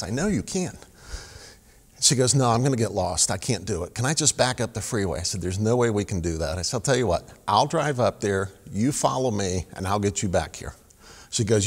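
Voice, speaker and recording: A man who is a police officer, speaking as a guest in church and telling a story with acted-out dialogue. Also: mid-range voice. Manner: animated storyteller, acts out dialogue. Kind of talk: storytelling sermon. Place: church sanctuary. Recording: long hall reverb.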